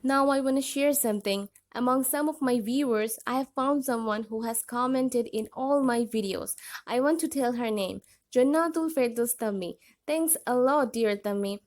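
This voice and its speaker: A woman with a high voice hosts an online vocabulary lesson. She explains each word clearly and sounds friendly and patient throughout. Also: normal speed. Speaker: English vocabulary teacher, channel host.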